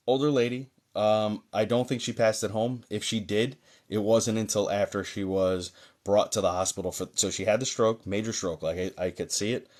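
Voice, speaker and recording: Low-voiced man hosting live psychic readings. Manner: chatty, reassuring, filler-heavy, addresses viewers by username. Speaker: psychic medium host. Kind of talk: live-stream mediumship readings. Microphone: phone or desk mic on a live stream.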